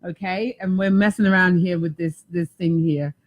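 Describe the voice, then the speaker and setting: A woman's voice: lowish voice, fairly even intonation, normal speed, muffled recording. A woman hosting a casual talk show, effusive and emphatic, often repeating words for emphasis. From United States. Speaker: talk show host and life coach.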